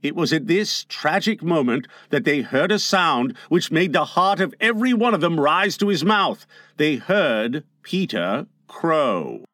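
Male audiobook narrator, expressive, animated intonation, fairly high voice. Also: measured pace, dry recording, studio quality. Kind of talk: audiobook reading.

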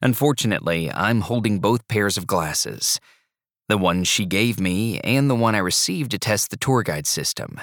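Low-voiced male audiobook narrator. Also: animated, normal speed, a bit bright, dry recording, studio quality. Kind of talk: first-person scripted narration.

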